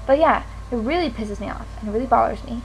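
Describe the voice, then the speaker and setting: A woman's voice: fairly high pitch, fast talker, slight background noise, rough recording. A teenage girl venting to camera in a frustrated, swearing rant. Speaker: vlogger. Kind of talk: ranting to camera.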